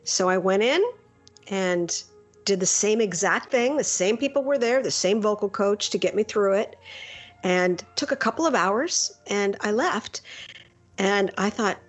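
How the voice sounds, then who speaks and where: A woman's voice: medium pitch, measured pace. Middle-aged voice actress chatting, acts out quotes, faint music under her. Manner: lively anecdotal, acts out quoted lines. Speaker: voice actress guest. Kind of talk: casual interview storytelling.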